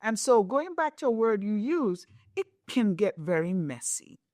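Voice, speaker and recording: A middle-aged woman hosts a podcast conversation, explaining ideas in a reflective way and checking in often with her guest. Her voice sits at a medium pitch. The recording is dry and close, with no room sound. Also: very animated, a little slow, darkish tone, dry recording. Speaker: podcast host.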